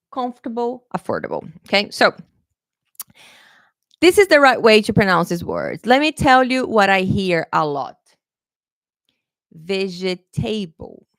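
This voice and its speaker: A woman's voice: medium pitch, a bit bright, no room sound. A woman who grew up speaking runs a live online pronunciation lesson. She talks in a chatty, informal way, stops to check in with "okay?" and corrects herself as she goes. Her voice sits in an ordinary middle range and sounds close and dry. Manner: chatty, repeats "okay?" often, self-correcting. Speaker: English pronunciation teacher.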